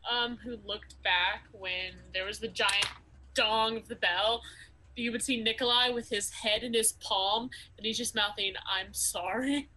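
A woman's voice: a little high, fairly even intonation, a little slow, sharp tone, slight background noise. A woman playing a tabletop game, speaking in an offhand, casual way. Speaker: player.

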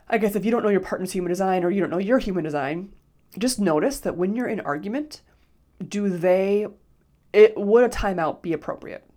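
A woman's voice: lowish voice, a little mellow. A woman in her thirties, a life coach, hosting her podcast in a casual, chatty solo talk, often slipping into quoted dialogue. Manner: chatty, lots of "like", quotes herself in little voices.

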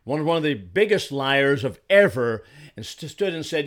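Older male commentator from Arizona, indignant and emphatic, slightly higher voice. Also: sing-song, normal speed. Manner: indignant, emphatic, repeats words when heated. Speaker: political commentator. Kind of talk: solo commentary monologue.

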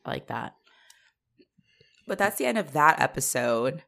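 Low-voiced woman podcaster, super animated, laughing, doing little character voices. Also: unhurried, gravelly. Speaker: podcast co-host recapping a TV show. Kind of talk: casual chat.

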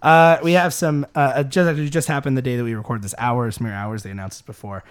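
A male podcast host talks in a loose, rambling way, piling up ums and uhs and restarting his thoughts as he goes. His voice sits at an ordinary middle pitch. It sounds like relaxed, unscripted chat among friends. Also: fast talker, smooth. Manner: rambling, many fillers and restarts.

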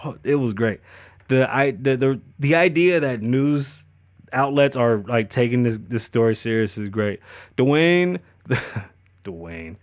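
A man's voice: mid-range voice, lively intonation, slow, no echo, clean studio sound. A man hosting a podcast, riffing on news in a casual, profane, joking way. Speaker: podcast host. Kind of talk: casual commentary.

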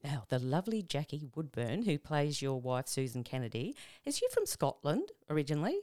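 An Australian woman hosts with an eager, gushing warmth of enthusiasm and easy slang. Her voice is smooth and clear, recorded close and dry with no room echo. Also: deep voice, big pitch swings, fairly quick. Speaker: podcast host. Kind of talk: casual interview.

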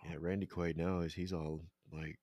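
A man with a very deep voice co-hosting a casual podcast. He laughs often and bursts into loud impressions of movie lines. The recording is dry and close-miked. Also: level tone, moderate pace, no echo. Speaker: podcast co-host. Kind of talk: casual chat.

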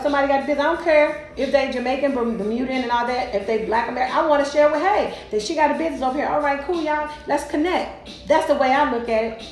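A woman's voice: high-pitched, reverberant, poor audio. A woman casually telling a personal story, emphatic and colloquial, often repeating herself.

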